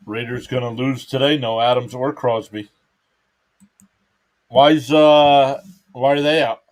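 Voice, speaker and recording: Casual male stream caller, mid-pitched, relaxed play-by-play mixed with chat. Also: takes it slowly. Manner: relaxed, chatty, reads viewer comments aloud. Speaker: live stream baseball commentator.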